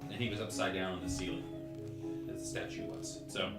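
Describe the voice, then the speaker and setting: Male game master, casual halting narration, roomy table recording with music underneath. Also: deep voice, steady tone. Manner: loose, filler-heavy narration with ums and uhs. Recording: echoey room with background music.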